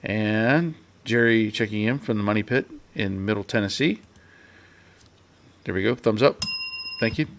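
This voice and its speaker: A man with a somewhat low voice hosts a casual live stream. He rambles through his stories with fillers and restarts, then reads viewers' comments aloud. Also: measured pace, long pauses, noisy background.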